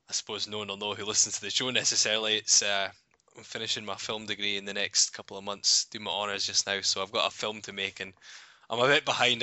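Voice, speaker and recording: This is a Scottish man in his twenties trading jokes on a podcast and laughing often at his own expense. His voice is very bright, and it sits dry and close. The recording is a little dull, as if lo-fi. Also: lowish voice, no room sound. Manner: laughs often, self-mocking. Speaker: podcast co-host. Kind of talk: casual banter.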